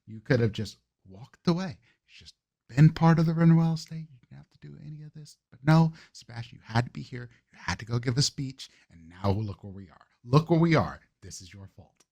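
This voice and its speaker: A man's voice: mid-range voice, expressive, brisk, a little mellow. A man playing in a tabletop role-playing game, narrating his character with wry self-talk. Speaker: tabletop player.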